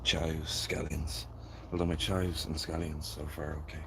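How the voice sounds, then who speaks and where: A man's voice: extremely low pitch, little pitch movement, moderate pace, gravelly, background noise. A man with a Dublin accent hosting a gardening live stream, chatting and rambling to his viewers while he sows seeds. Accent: Dublin Irish. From Ireland. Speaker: gardening channel host. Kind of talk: casual live-stream chat.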